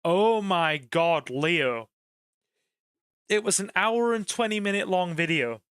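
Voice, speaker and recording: Bright, clear-voiced man streaming. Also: high voice, slow pace, no echo, clean studio sound. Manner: chatty, talks straight to viewers, bursts into excitement. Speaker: gaming streamer. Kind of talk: casual live-stream chat over gameplay.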